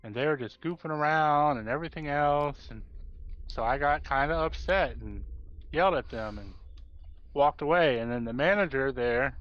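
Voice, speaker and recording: A man's voice: fairly high pitch, normal speed, no room sound, muffled recording. Man telling a long work story. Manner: storytelling, acts out quoted exchanges. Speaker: streamer. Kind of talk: casual chat while gaming.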